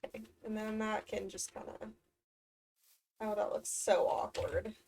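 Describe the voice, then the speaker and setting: A woman's voice: mid-range voice, fairly even intonation, measured pace, vocal fry, distant mic, background noise. A woman streamer talking to herself during a game, swearing often and easily exasperated. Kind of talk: casual gameplay commentary.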